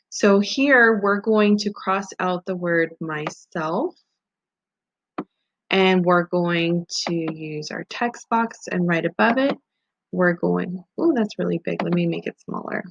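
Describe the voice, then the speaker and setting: A woman's voice: lowish voice, fairly even intonation, slow. A woman teacher giving a recorded grammar lesson, patient and methodical, walking through examples step by step. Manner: patient, methodical, talks through on-screen steps. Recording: slightly dull lo-fi audio.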